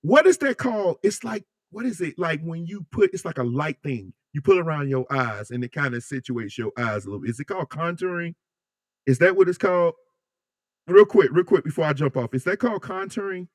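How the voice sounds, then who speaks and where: Animated, joking man hosting a livestream. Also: fairly high pitch, fairly quick, no room sound, clean studio sound. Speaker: livestream host. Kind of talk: casual live chat reading comments.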